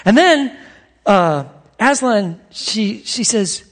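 A man's voice: high-pitched, animated, unhurried, gravelly, a bit bright, slightly rough. A man preaching a sermon as pastor, telling stories in a casual, chatty way with many fillers.

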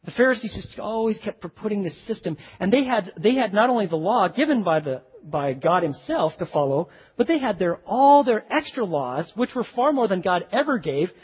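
A male pastor preaching a sermon in a lively, conversational way with frequent asides to the congregation. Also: high voice, fairly quick, few pauses, breathy edge, long reverb tail, muffled recording.

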